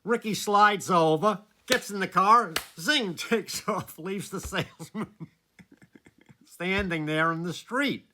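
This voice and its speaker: A man telling a story about a former student in a casual, animated way, chuckling between lines. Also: high-pitched, takes it slowly.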